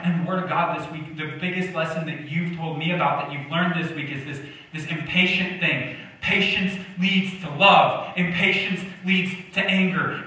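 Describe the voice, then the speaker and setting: The voice is high, bright, and forceful: a young pastor preaching a sermon in a church sanctuary, captured from far away in an echoey hall. He keeps things joking and conversational, eliciting responses from the congregation.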